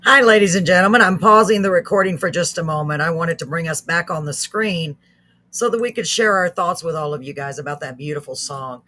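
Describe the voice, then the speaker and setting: A woman's voice: fairly low pitch, sharp tone. A woman hosting a live online show over a video call, chatty and effusive. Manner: chatty and effusive, laughs often. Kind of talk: casual live-stream chat.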